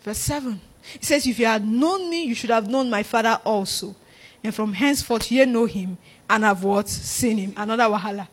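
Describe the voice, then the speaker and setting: A high-pitched woman preaches a sermon. She is animated and laughs often. She acts out the voices of the disciples as she goes. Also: normal speed, husky.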